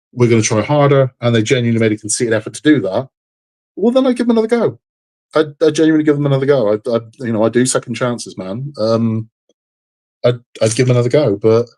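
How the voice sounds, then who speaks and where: A man's voice: fairly low pitch, a little mellow. Tired, rambling man chatting live. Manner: rambling, frank, repeats himself. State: tired, under the weather. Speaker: livestream host building a model kit. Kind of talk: casual live-stream chat.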